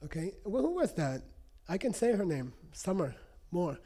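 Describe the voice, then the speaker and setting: Male speaker, slightly raised pitch, teaching a room casually. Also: very animated, normal speed, dark tone, husky. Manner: conversational teaching, frequent "okay?" check-ins. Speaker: lecturer. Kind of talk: live lecture to an audience. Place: lecture room.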